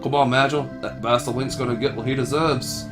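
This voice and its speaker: A man voicing a cocky teenage girl thief in a Liverpool-style accent, gruff rather than girlish. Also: medium pitch, fairly even intonation, a little fast, over loud music, voice pushed up, lightly acted. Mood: taunting.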